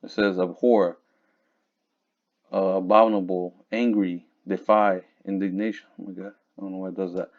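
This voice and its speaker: A man teaching from scripture in a casual, conversational way, reading verses slowly and looking up words aloud. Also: deep voice, little pitch movement. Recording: dull lo-fi recording.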